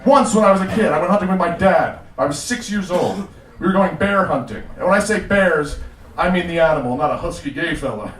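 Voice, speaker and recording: A man performing a stand-up comedy set with a punchy, animated delivery on a live club stage. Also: a little high, fairly quick, a little hiss or hum. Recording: roomy club sound, mic at a distance. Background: audience laughter.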